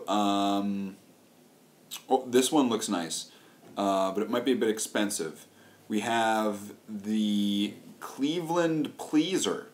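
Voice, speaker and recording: A man rambling on camera in a loose, crude comedic riff. He keeps restarting his sentences and drifts from one absurd idea to the next, playing with silly rhyming words. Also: fairly low pitch. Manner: meandering, restarts often, riffs on silly wordplay. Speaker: vlogger.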